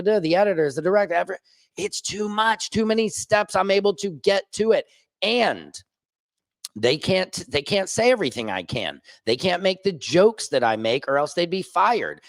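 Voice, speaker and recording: A man who hosts his own news vlog, ranting casually and fast from a rooftop with lots of restarts and asides. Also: on the high side, dry recording. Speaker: independent journalist and vlog host. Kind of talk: casual on-camera rant.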